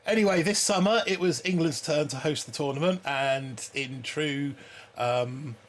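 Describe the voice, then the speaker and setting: Chuckling man, slightly high voice. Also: a little slow. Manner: chuckling, rambling storyteller. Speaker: stream co-host. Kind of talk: casual live-stream chat.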